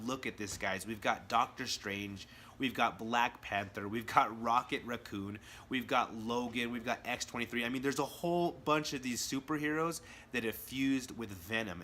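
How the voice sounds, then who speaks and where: An enthusiastic man hosting a casual comic book review video, excitedly walking viewers through storylines. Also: mid-range voice, a little hiss or hum. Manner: enthusiastic, acts out quotes in character voices.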